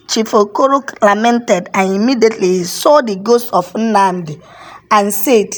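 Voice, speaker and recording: A woman narrating a folk tale in a measured, dramatic way. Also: mid-range voice. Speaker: storyteller.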